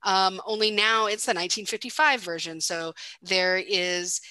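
A woman with a bright, forceful voice recaps a movie in casual podcast chat. She rambles along with plenty of fillers. The sound is close and dry, with no room around her. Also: mid-range voice, fairly even intonation, moderate pace, clear, resonant tone, no room sound. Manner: chatty, many fillers.

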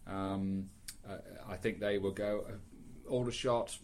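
A man's voice: lowish voice, fairly even intonation, slow, a little mellow, slight background noise. A man hosting a casual football podcast, rambling with lots of fillers and restarts. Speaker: podcast host.

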